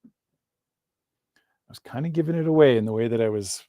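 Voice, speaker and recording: A man teaching a live online literature class in a casual, chatty way, often correcting himself and reading verse slowly to stress its rhythm. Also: medium pitch, mellow, no echo.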